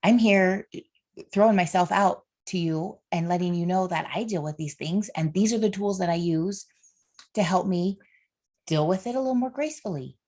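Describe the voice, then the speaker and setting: A woman in her thirties delivers a solo motivational podcast monologue, earnest and heartfelt, offering faith-based encouragement directly to her listeners. Her voice sits on the low side with a darkish tone, at normal speed.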